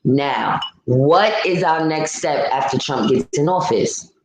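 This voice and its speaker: A woman's voice: low-pitched, animated, slow, echoey room, a little hiss or hum, poor audio. A woman hosting a casual livestream, ranting bluntly and reading out chat comments. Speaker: livestream host. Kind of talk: casual live-stream commentary.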